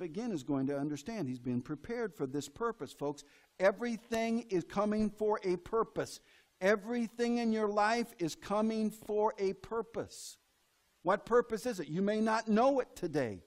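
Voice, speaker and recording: A middle-aged man preaching a sermon in a church, folksy and acting out the voices he quotes. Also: high voice. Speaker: pastor.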